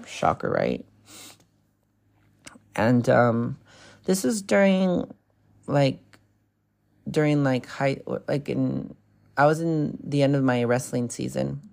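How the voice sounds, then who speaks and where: Casual podcast host, man in his 20s, dark and husky-edged tone, rambling confessional storytelling with lots of "like" and "um". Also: mid-range voice, lively intonation, slow pace, pauses often. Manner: frank, profane, rambling with many fillers.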